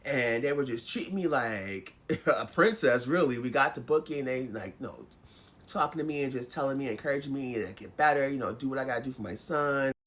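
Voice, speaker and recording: A woman vlogger telling a personal story in a casual, animated way, swearing freely. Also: extremely low pitch, brisk. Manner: animated, profane, acts out voices.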